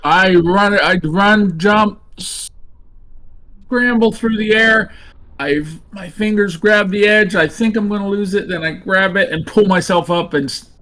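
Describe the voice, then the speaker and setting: A man playing in a tabletop game, describing his character's actions in a self-mocking, lively way. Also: high-pitched, slow pace, poor audio. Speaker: player.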